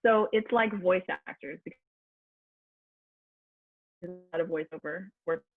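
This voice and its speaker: A woman's voice: on the low side, unhurried. A woman voice coach teaching a public speaking class online, chatty and encouraging, with fillers and restarts. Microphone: video call. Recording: tinny video-call audio, dry.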